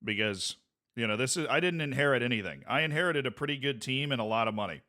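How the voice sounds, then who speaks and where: A man's voice: medium pitch, expressive, quick pace, pushed and bright. A man streaming a game and chatting casually with his viewers, joking around as he plays. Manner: goofy, playful, jokey asides to chat. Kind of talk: casual gameplay commentary.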